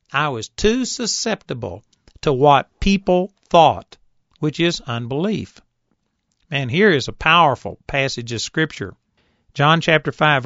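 A man preaching a sermon, telling a story and rising to forceful shouts when he quotes someone. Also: a little high, no room sound, dull audio. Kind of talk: sermon teaching.

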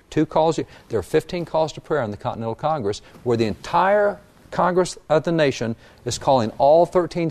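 A man explaining early national history in a talk, emphatic and animated, stressing key words. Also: mid-range voice, creaky. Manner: animated storyteller, emphatic, reads quotes aloud. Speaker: history guest. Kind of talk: conversational history lecture.

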